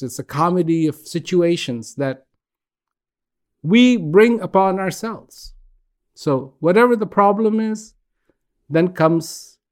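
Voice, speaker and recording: Man, reflective spiritual talk, gentle, unhurried, halting phrases, pauses. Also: a little high. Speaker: speaker of a regular broadcast talk.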